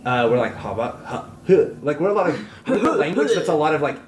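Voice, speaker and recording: A man's voice: a little high, sing-song, rapid-fire. A man co-hosting a podcast, chatting casually and animatedly, swearing offhandedly. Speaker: podcast co-host. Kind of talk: casual chat. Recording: echoey room, faint background hiss.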